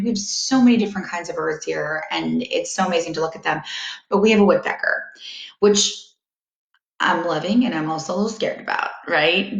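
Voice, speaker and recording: A woman's voice: lowish voice, creaky, roomy sound, muffled recording. A woman hosting a daily live video from home, chatting casually and rambling a little, laughing easily. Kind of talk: casual live vlog chat.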